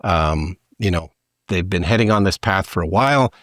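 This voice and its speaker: A Canadian man co-hosting a podcast, talking through news stories in a relaxed way with plenty of fillers. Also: deep voice, normal speed, dry recording, studio quality. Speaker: podcast co-host. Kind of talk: casual news discussion.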